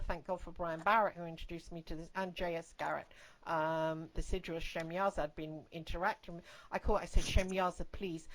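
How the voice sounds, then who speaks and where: A woman's voice: on the low side, low-quality recording. Blunt, swearing woman host telling a story. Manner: blunt, swears freely, rambling asides. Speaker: podcast host. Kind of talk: casual storytelling conversation.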